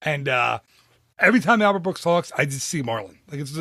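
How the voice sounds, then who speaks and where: Animated higher-voiced man chatting. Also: brisk, dry recording, clean studio sound. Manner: animated, laughs often. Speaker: podcast host. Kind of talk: casual podcast chat. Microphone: studio podcast microphone.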